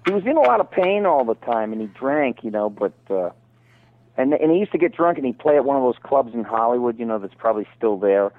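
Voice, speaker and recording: A man's voice: mid-range voice, very animated, slight background noise. Man on a tinny phone line. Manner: rambling storyteller, drops into quick impressions. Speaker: voice actor guest. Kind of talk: casual phone interview.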